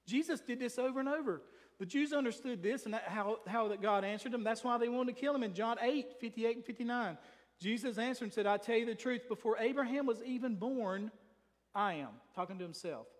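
A man's voice: very high-pitched, fairly quick. A man preaching an emphatic sermon in a church, reading scripture aloud as pastor. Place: church sanctuary. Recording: long reverb from a large hall.

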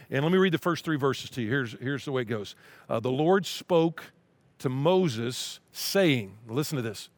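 A man's voice: a little high, no room sound. A man preaching a sermon in a conversational, emphatic way, often repeating his key phrases. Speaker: pastor.

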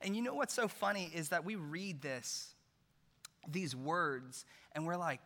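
A man preaching a sermon, retelling a story in an animated, jokey way. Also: a little high, a little slow, slight background noise. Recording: long hall reverb.

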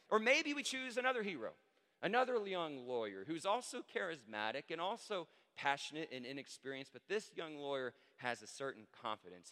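A man in his thirties preaching a sermon, an animated storyteller who acts out the quotes. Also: medium pitch. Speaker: pastor. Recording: long hall reverb.

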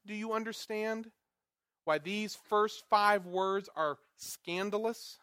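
High-voiced earnest male preacher. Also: fairly bright tone, no echo, studio quality. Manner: earnest preaching, repeats words for emphasis, builds to bursts. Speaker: pastor. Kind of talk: sermon.

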